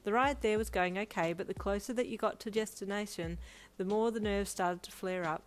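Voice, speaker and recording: Woman, fanfiction narrator, expressive storytelling. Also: medium pitch, a little fast, slight background noise. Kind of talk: second-person fanfiction reading.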